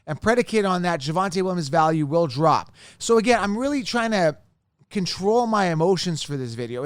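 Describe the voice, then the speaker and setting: A man with a fairly high voice hosts a solo podcast, heated and emphatic, repeating himself as he vents. The sound is close and dry, with no room around it. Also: smooth, no echo. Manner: heated, venting, emphatic with frequent "right?". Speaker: fantasy football podcast host.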